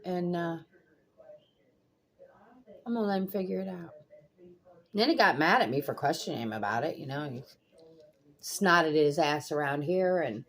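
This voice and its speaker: A woman's voice: sits low, animated, moderate pace, pauses often, a bit bright. An older woman vlogging casually from her home kitchen, blunt and swearing freely as she rants in exasperation. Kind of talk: casual vlog chat. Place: home kitchen by pool windows.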